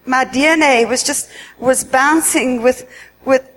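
A woman giving an earnest spoken religious testimony at a worship meeting, halting and often repeating herself. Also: sits high, a bit bright, slight background noise. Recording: echoey hall with long reverb, faint ambience.

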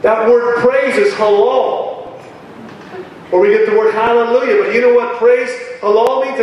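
A male preacher with a strikingly high voice delivers an emphatic, animated sermon. He is heard from far off in a large hall with long, heavy reverb. Faint ambient noise sits underneath. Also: a little slow, lo-fi sound.

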